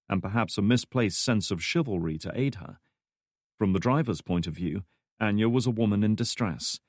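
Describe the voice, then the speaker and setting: A man narrating a thriller audiobook in a steady, measured way. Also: on the low side, dry recording, studio quality. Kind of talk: scripted narration.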